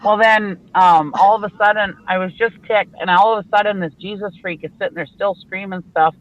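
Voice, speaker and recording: A woman's voice: mid-range voice, fairly even intonation, brisk, dull audio. A woman from Minnesota chatting bluntly on a video call, telling stories with frequent laughter. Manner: blunt, chatty storyteller who laughs often. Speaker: live show regular. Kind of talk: casual chat. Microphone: online video call.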